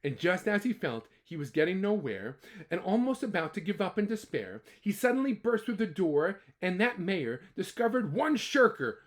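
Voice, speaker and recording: A man reading a picture book aloud to children, animated and chatty between pages. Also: high voice, normal speed. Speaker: storyteller.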